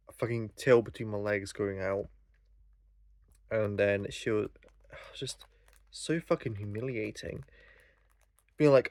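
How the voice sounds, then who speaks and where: A man's voice: fairly low pitch, steady tone, a little slow, pauses often, darkish tone, dry recording. A young man telling a story in a casual vlog, rambling and swearing, full of fillers. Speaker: vlogger.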